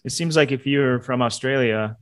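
A man's voice: medium pitch, normal speed, dry recording. A man hosting a podcast, asking curious, playful questions in casual chat. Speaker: podcast host.

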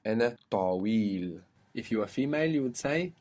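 Low-voiced man teaching Arabic patiently. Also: lively intonation, darkish tone. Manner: patient, explains slowly, prompts with questions. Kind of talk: spoken language lesson.

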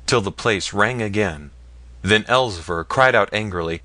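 Male audiobook narrator, low forceful voice, dry close recording, measured storytelling. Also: dry recording. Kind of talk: scripted narration.

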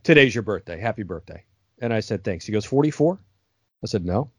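A man's voice: on the low side, lively intonation, fairly quick, breathy edge, no room sound. A man in his forties in a casual podcast chat who tells stories and acts out the lines of the people in them. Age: 40s. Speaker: podcast co-host.

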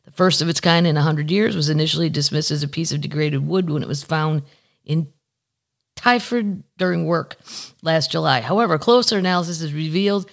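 The voice is creaky, mid-range, and fairly quick, belonging to a podcast host in casual conversation. News gets read aloud with tangents and plenty of swearing, in a candid, rambling style.

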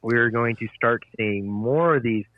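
A man's voice: mid-range voice, a little slow, no room sound. Nineteen-year-old man on a tinny phone line. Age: teens. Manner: hesitant, fills with uh and um. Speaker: guest. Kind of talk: casual political chat.

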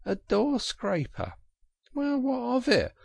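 A man voicing a fussy, pettish male mole who whines in a high, fretful voice. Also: wildly swooping pitch, slow pace, vocal fry, husky, no echo, studio quality, exaggerated voice. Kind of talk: audiobook character reading.

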